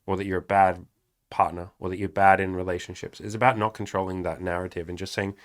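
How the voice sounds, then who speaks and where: A man's voice: sits low, flat delivery, fast talker. A young man hosting a casual talk with his partner, candid and swearing, acting out old arguments. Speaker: podcast host. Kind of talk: casual couple chat.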